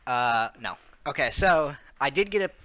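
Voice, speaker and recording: A man's voice: medium pitch, animated, moderate pace, pushed and bright. A man hosting a casual online chat show, laughing often and steering the conversation. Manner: laughs often, leads the segment. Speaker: podcast host. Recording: dull lo-fi sound.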